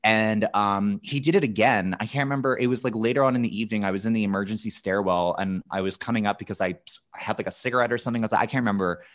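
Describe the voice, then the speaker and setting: A man's voice: on the low side, fast, few pauses. A man in his thirties, a podcast guest telling candid, profane stories in casual chat, often restarting his phrases.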